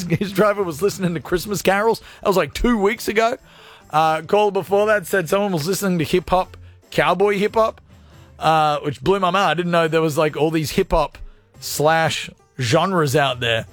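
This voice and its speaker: A man's voice: sits high, expressive, normal speed, a bit bright, dry recording, faint music behind. A man from Australia, hosting a radio show and joking casually with listener comments, swearing freely. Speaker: radio host.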